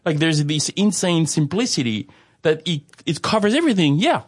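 A man's voice: on the high side, animated, moderate pace, breathy edge, no room sound, studio quality. Man explaining ideas with rhetorical questions. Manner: rambling, many restarts, rhetorical "right?". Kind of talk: conversational religious discussion.

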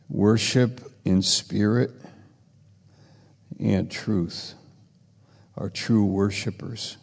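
A man preaching a sermon, slow and halting, with emphatic rising bursts. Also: fairly low pitch, creaky, darkish tone. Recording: reverberant hall.

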